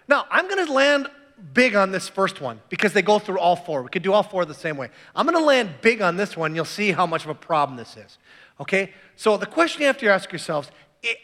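High-voiced man preaching in a reverberant hall. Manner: conversational, animated preaching with repeated restarts. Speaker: pastor. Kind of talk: sermon.

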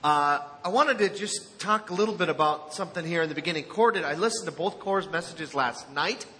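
Bright-voiced joking pastor in a hall. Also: male voice, on the high side, fairly quick. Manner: joking, chatty, laughs often. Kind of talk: sermon. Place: church sanctuary.

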